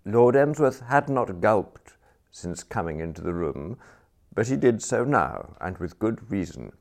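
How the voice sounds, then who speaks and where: A man's voice: fairly low pitch, big pitch swings, a little slow, vocal fry. A man reading a comic novel aloud as narrator, telling it dryly and expressively. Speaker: audiobook narrator.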